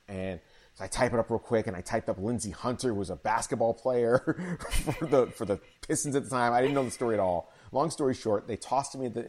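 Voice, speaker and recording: A man with a fairly low voice tells stories from his broadcasting career. He is animated and loose, full of fillers and restarts, as a guest in a casual interview. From Chicago.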